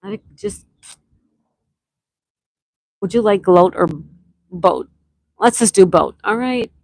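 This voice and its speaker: Woman host, chatty and friendly-paced, mid-pitched, reads chat aloud and spells letters, dry close sound. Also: slow pace, a little mellow, no room sound. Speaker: livestream host. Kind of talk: casual live-stream chat.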